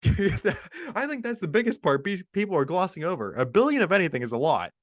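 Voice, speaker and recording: A man's voice: high-pitched, very animated, normal speed, no echo. A male podcast co-host chatting casually on a video call, giggling and rambling as he stumbles over his words. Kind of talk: casual comedic chat.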